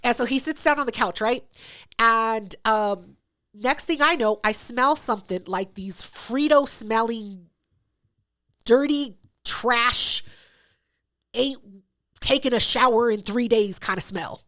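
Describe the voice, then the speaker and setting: A woman's voice: on the high side, slow pace, pauses often, pushed and bright. A woman hosting a podcast, telling a story in casual, profane chat and acting out both sides of it. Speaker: podcast host.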